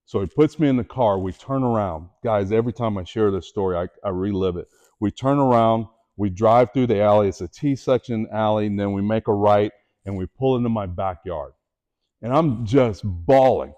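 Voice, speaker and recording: A man's voice: on the low side, moderate pace, warm tone, dull audio. Earnest man telling a story to students. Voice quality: earnest storytelling, acts out quotes. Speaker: motivational speaker. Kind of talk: school assembly talk.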